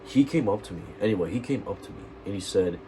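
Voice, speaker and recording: A teenage guy on a stream launches into an angry personal rant, swearing a lot and rambling as he restarts his sentences. His voice is lowish, animated and quick, over a noisy background.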